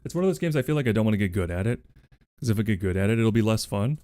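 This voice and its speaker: A man's voice: on the low side, lively intonation, racing, warm tone, dry recording. A male streamer in casual livestream chat, playful and casually swearing, cooing at his pets while he talks to viewers on a close desk mic.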